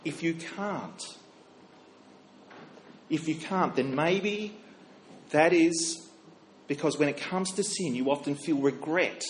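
A middle-aged male minister gives a sermon in a relaxed, storytelling way, stopping and restarting with plenty of ums. His voice sits a little high for a man. A faint hiss of the room runs under his voice. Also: slow, pauses often. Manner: chatty storytelling with fillers and self-corrections.

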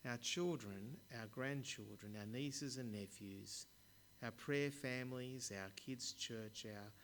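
A man preaching a sermon, telling stories in a measured way with occasional stumbles. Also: medium pitch, a bit bright, a little hiss or hum. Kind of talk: sermon with storytelling.

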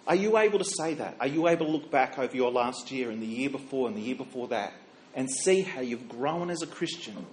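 A man's voice: medium pitch, animated, fairly quick, slight background noise. A middle-aged man, a minister, preaching a sermon in a chatty storytelling way, with fillers and self-corrections.

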